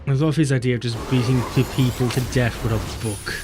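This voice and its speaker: A man's voice: medium pitch, fairly even intonation, quick pace, loud music behind the voice. A man streaming a game for the first time, making wry, joking asides over the cutscenes. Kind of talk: casual gameplay commentary.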